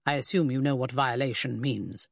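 A woman reading an audiobook, voicing a pedantic Victorian gentleman detective who speaks slowly and precisely with cold condescension. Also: a bass voice, vocal fry, slightly rough, no room sound, studio quality, pitched below the performer's own voice, exaggerated voice. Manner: slow, precise, clipped, condescending. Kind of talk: audiobook character voice.

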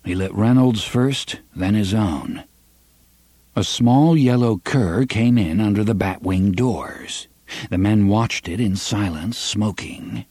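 A man reading a western novel aloud as audiobook narrator, with an expressive, varied delivery on a close studio mic. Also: fairly low pitch, takes it slowly, slightly rough, no echo. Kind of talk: scripted narration.

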